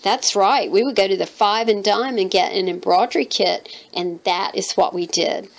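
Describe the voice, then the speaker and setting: A Southern woman in her fifties from North Carolina talks through her handmade journal piece by piece. Her voice has a gravelly fry, and her delivery is chatty and wandering, full of ums and asides as she thinks aloud. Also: medium pitch, normal speed, rough recording. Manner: chatty, rambling, thinks aloud with many fillers. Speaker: mixed media artist showing her handmade journal. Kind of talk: casual show-and-tell chat.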